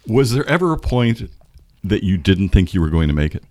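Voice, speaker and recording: Low-voiced interviewer guy, dry close sound, friendly questions. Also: very animated, a little fast, a little mellow, no echo.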